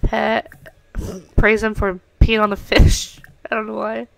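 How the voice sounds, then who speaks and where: A woman's voice: medium pitch, completely flat delivery, slow pace, gravelly, dry recording. A young woman giving casual let's-play commentary, chatting away and cooing at the pets in her game. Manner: chatty, coos and talks to the game's pets. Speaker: gameplay commentator.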